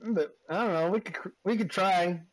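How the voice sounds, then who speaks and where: A man's voice: high-pitched, moderate pace, low-quality recording. A man playing in a tabletop game, joking and laughing with the table. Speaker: player. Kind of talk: casual tabletop game play.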